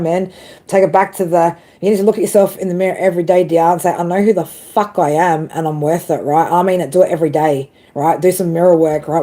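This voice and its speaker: A woman's voice: on the low side, mellow. Woman doing a live tarot read, swears a lot, keeps saying right and man, rambles and restarts. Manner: frequent laughs and self-corrections. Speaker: tarot reader. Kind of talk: casual live tarot reading.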